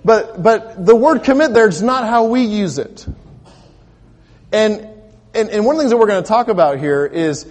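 A man's voice: sits high, animated, moderate pace. A male pastor preaching a sermon in a conversational way, asking the congregation rhetorical questions and often repeating words as he builds a point. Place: church sanctuary. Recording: long reverb of a church hall.

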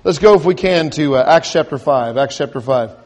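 With a slightly high, somewhat mellow voice, a preacher moves fairly quickly through his sermon. He questions the congregation, rises to emphatic crescendos, and keeps restarting and repeating words.

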